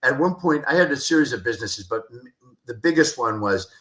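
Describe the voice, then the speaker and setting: A man's voice: medium pitch, lively intonation, a little fast, fairly bright tone. Male guest expert, passionate and emphatic, roomy echo. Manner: passionate, repeats key phrases for emphasis. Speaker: guest, communication expert and speaker. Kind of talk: animated interview talk with acted-out anecdotes. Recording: echoey room.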